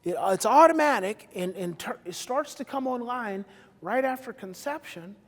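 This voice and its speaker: A man giving a live talk to an audience, energetic and repetitive, with loud emphatic bursts. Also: very high voice, normal speed. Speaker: speaker on stage. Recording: reverberant hall.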